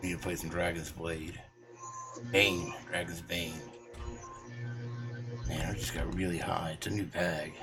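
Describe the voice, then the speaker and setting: A man with a Southern American accent, hosting a casual livestream chat, high and rambling in a laid-back way. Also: little pitch movement, brisk, hardly any pauses. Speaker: podcast host. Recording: loud music playing behind.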